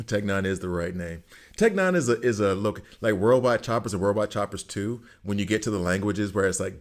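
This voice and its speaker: A man's voice: fairly low pitch, animated, a little fast. A middle-aged man streaming a game, rambling through opinions and laughing often in casual chat. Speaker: gaming streamer.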